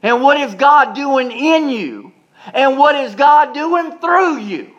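High-voiced man preaching emphatically. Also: animated, slow, dull audio. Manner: emphatic, repetitive preaching with quiet asides. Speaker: pastor. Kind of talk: sermon.

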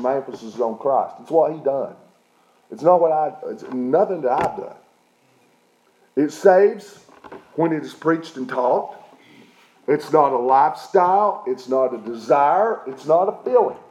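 A man's voice: fairly high pitch, a little mellow, roomy sound, dull audio. A middle-aged man preaching a sermon as pastor, emphatic, often checking in with his listeners. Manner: emphatic preaching with repeated "okay?" check-ins.

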